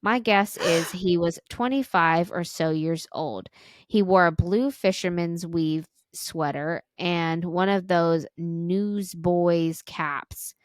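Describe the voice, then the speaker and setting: A woman's voice: fairly low pitch, slow, few pauses, dry recording, studio quality. A woman podcast co-host reading a listener's story aloud, with small stumbles and restarts.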